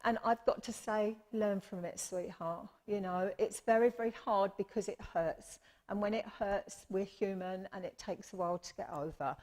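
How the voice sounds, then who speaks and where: A woman's voice: mid-range voice, normal speed, a little mellow. A woman medium giving readings at a church service, chatty and affectionate, often calling people her lovely and apologising. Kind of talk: live mediumship demonstration.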